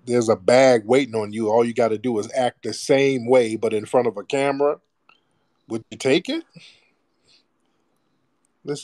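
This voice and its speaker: A man's voice: medium pitch, mellow, no echo. A man hosting a call-in show, speaking in a blunt, profane and preachy manner in a casual monologue.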